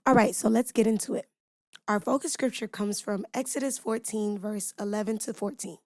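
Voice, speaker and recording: A woman hosts a devotional podcast, teaching scripture with an emphatic preaching cadence while posing rhetorical questions and addressing listeners directly and informally. Her mid-range voice is slightly mellow, with fairly even intonation and a moderate pace. The recording is dry and studio quality.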